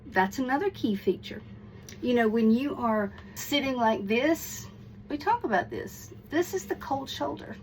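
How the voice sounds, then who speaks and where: A woman's voice: on the high side, expressive, unhurried, slight background noise, poor audio. A woman hosting her own channel, giving a casual video lesson to camera in a friendly way, often restarting and repeating her words. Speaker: online teacher and channel host.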